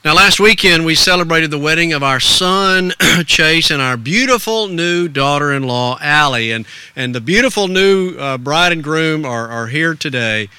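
An older man, a pastor, preaching an earnest sermon in a storytelling way. He drops to soft hushes, then rises with stirring emphasis. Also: a little high, normal speed, few pauses, clean tone, dry recording.

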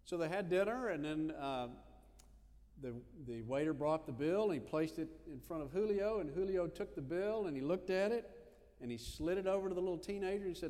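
Animated preacher in a reverberant hall. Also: male voice, a little high, fairly quick. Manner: animated storyteller, acts out voices in quotes. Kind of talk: sermon with storytelling.

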